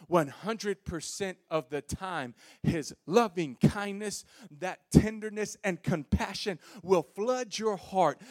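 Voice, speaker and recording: A male pastor preaching a sermon to a congregation in a church, swinging from soft pleading to shouted, sing-song preaching, folksy and calling out to the room. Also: sits high, takes it slowly, hardly any pauses, no room sound, studio quality. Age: young adult. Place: church sanctuary before a congregation.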